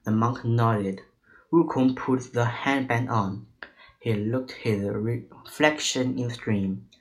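Man, children's storyteller, slow, careful, non-native phrasing, storybook reading. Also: medium pitch, fairly even intonation, low-quality recording.

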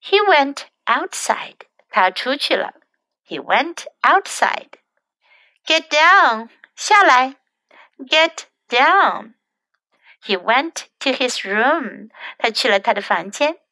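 A woman whose first language is Chinese gives a children's English lesson in a bright, rather high voice. She speaks slowly and carefully, repeating each phrase after translating it, and the sound is close and dry with no room echo. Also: big pitch swings. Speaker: English teacher.

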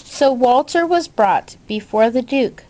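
Slow, gentle woman reading a picture book. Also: fairly high pitch, animated. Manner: gentle, talks to listeners about the pictures. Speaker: storyteller.

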